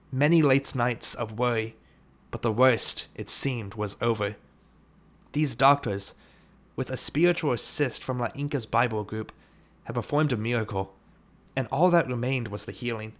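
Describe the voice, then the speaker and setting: A man reads an audiobook at an even, middling pitch. His narration is steady, and he raises his voice when a line is shouted. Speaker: audiobook reader.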